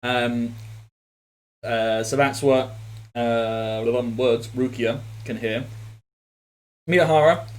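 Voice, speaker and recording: Man, game master, casual rambling narration, tabletop game. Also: mid-range voice. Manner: casual, rambling, frequent "uh"s and laughs.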